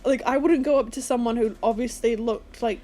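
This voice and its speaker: A woman's voice: on the high side, brisk, mellow. A young woman from New Zealand co-hosting a podcast, chatting casually, bluntly and jokingly, often acting out conversations. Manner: blunt, joking, acts out dialogue. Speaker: podcast co-host. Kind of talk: casual chat.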